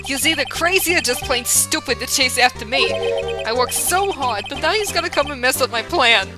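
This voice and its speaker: A woman voicing a gruff, bullying loan-shark gangster man who talks in tough-guy slang, over loud game music. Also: sits high, animated, moderate pace. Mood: menacing.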